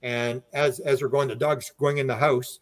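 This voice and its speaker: Male podcast guest, mid-pitched, lively storyteller who stumbles and repeats himself. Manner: animated, acts out quoted speech with raised voice; halting, frequent restarts and repeated words. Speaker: podcast guest, UFO researcher. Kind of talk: casual storytelling.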